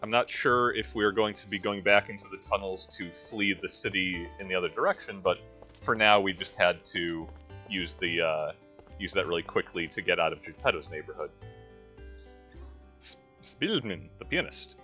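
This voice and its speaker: A man's voice: low voice, steady tone, normal speed, pushed and bright, faint music behind. A man giving casual, wry commentary while playing a role-playing game, with rambling history asides. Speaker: let's-play host.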